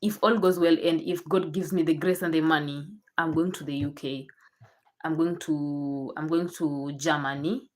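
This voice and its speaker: A woman's voice: low-pitched, fairly even intonation, moderate pace. A young Kenyan woman with a Kenyan accent, chatting casually to her viewers with frequent restarts. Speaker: YouTuber. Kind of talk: casual chat to camera.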